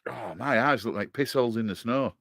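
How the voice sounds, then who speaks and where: A man's voice: mid-range voice, brisk, fairly bright tone, no echo, clean studio sound. Tipsy man chatting on a live stream. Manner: chatty, jokey, greets viewers by name. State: a bit tipsy. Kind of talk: casual live stream chat. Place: garden shed.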